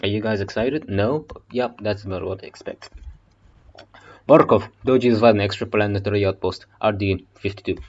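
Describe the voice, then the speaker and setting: Man, casual audiobook reader, low voice, joking and cursing, lo-fi muffled audio. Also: normal speed, a little mellow. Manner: swearing, joking asides. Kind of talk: casual audiobook reading with asides. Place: basement.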